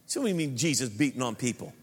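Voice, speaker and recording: A pastor preaching a sermon in an emphatic, animated way, mixing punchy repetition with joking asides to the congregation. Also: male voice, mid-range voice, fast talker, husky, long reverb tail.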